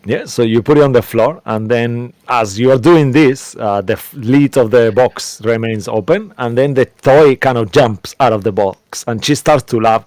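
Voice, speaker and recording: A man's voice: medium pitch, moderate pace, hardly any pauses, a little mellow, no echo. A man narrating a tabletop game as game master, rambling with many fillers.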